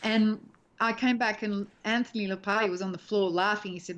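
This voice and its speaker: A middle-aged woman tells stories in a chatty, animated way, laughing easily. Her voice sits at an average pitch for a woman. The audio is dull and lo-fi, like a home video call. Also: brisk. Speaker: guest actress. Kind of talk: casual interview chat.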